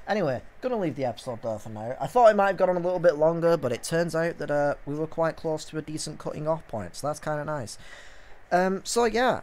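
A man's voice: fairly high pitch, a little mellow. A young man hosting a let's play, chatting in a rambling way that trails off into fillers. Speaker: gaming channel host.

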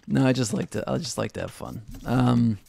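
A man's voice: medium pitch, steady tone, normal speed, gravelly, background noise. A young man giving casual, chatty commentary on a strategy game, poking fun at himself. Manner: chatty, self-mocking, laughs at own jokes. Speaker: game caster.

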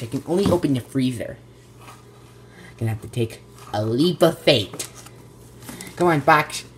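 A man talking through a home-made skit in a casual, mumbling, sigh-filled way. His voice sits at a middling pitch, and a faint hiss runs underneath it.

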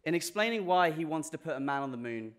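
A man's voice: a little high, animated, quick pace. A young man with a British accent giving a graduation class day speech, earnest with self-deprecating jokes and frequent restarts. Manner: restarts and repeats words. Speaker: graduating student speaker.

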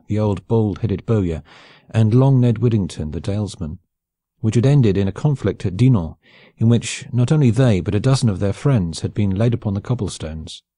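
Male audiobook narrator, measured storytelling, mellow tone, dry close recording. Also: on the low side, breathy edge, dry recording. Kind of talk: scripted narration of a classic novel.

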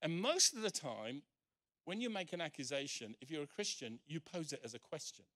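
A man's voice: on the high side, sing-song, fairly quick, a bit bright. A male pastor preaching emphatically at a church service, acting out the scripture quotes he reads. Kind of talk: sermon.

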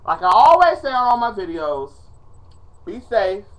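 Ranting in a casual webcam vlog from home, a man speaks in a high-pitched, slightly bright voice with big pitch swings and a slightly slow pace. He is dramatic, profane and exasperated as he pleads, with slight background noise and faint music playing.

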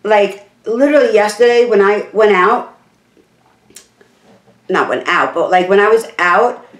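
A woman's voice: mid-range voice, measured pace, reverberant. A woman who is losing her voice gives a casual, rambling hair tutorial, peppered with "like" and "literally". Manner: chatty, rambling, full of "like" and "literally". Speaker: beauty vlogger.

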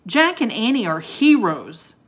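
Woman putting on a booming gruff wizard man. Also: sing-song, exaggerated voice. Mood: scornful. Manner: booming, slow and scornful. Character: gruff huge bearded one-eyed wizard man.

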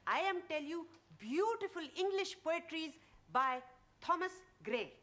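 Woman as a solemn student poet, high, slow, sing-song. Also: lively intonation, a bit bright, exaggerated voice. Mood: earnest. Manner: broken English, mispronouncing words. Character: earnest female student reciting poetry.

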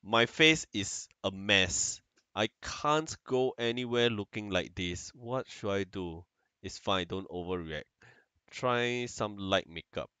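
Bright, lively man doing playful game commentary. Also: fairly low pitch, slow, smooth, no room sound. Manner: playful, chatty, talks to his game characters. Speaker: let's play host. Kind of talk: casual gameplay commentary.

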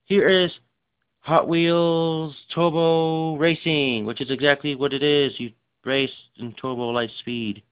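A tired man rambling casually through his game collection, with lots of fillers and rushed asides. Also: fairly high pitch, fairly even intonation, smooth. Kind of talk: casual unscripted show-and-tell. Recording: dull lo-fi recording.

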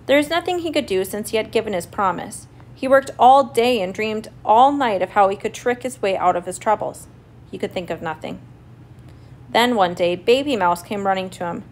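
A woman reading a children's story aloud in a clear, expressive, steady way. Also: medium pitch. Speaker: story reader.

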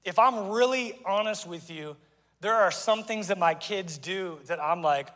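A man's voice: high-pitched, measured pace, a bit bright. A middle-aged man preaching a sermon to his congregation, conversational and joking, with asides to the crowd. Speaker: pastor. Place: church auditorium. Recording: long church hall reverb.

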